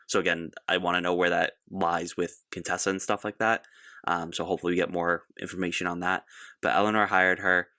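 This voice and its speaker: Deep-voiced man recapping casually. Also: flat delivery, a little fast, bright, forceful tone, dry recording, clean studio sound. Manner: easygoing, loose recap with frequent fillers. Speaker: podcast co-host.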